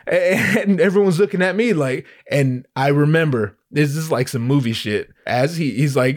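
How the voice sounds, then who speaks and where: A man hosting a podcast, telling a story in a casual, animated way, with lots of stammering restarts and profane slang. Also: a little high, moderate pace, hardly any pauses. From Southern California. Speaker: podcast host.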